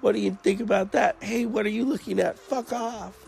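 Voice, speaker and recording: A man putting on the voice of a furious, high woman who screams and curses at her husband. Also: fairly even intonation, normal speed, creaky, a little hiss or hum. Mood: shrieking rage. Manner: shrieking, cursing, frantic.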